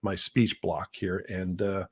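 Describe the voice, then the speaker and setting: A man's voice: deep voice, flat delivery, slow, a bit bright, breathy edge. Man, podcast co-host, casual and rambling, filler-heavy demo talk.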